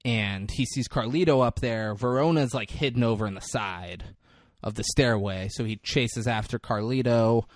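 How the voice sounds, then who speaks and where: A man hosting a podcast, recapping a movie in a casual, animated, profane way and laughing often. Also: mid-range voice, moderate pace, dry recording, clean studio sound. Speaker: podcast host.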